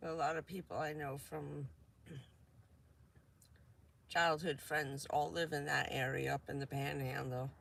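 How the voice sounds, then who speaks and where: A woman's voice: deep voice, level tone, a little slow, gravelly, long pauses, fairly bright tone, slight background noise. A woman from New Jersey chatting casually on a vanlife live stream, rambling and laughing often.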